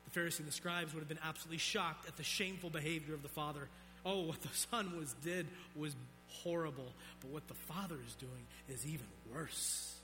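A man delivers a sermon in a bright, forceful voice. He climbs to loud, emphatic peaks, then sinks to quiet, low lines. His voice rings with a long reverb in a large hall, over faint guitar music. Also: a little fast. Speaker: preacher.

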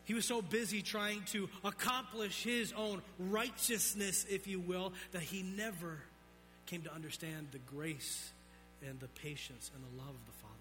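Bright-voiced male preacher in a hall. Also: normal speed, faint music behind. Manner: swings between loud emphatic peaks and low quiet drops. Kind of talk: sermon. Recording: long reverb of a large hall.

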